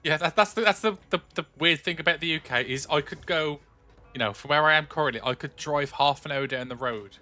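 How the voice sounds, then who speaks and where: A man's voice: fairly high pitch, a little fast, bright, forceful tone, soft background music. A young man from England's Black Country with an English accent, chatting casually and rambling while streaming a game from home. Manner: rambling, chatty, frequent restarts and filler. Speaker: gaming streamer. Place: home room.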